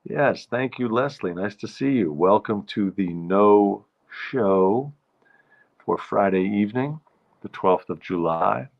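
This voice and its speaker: A man's voice: fairly low pitch, lively intonation, slow, creaky, dull audio. A man hosting his own live show, chatting casually and rambling as he greets viewers by name. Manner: rambling, chatty, self-interrupting. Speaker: host of a nightly live show.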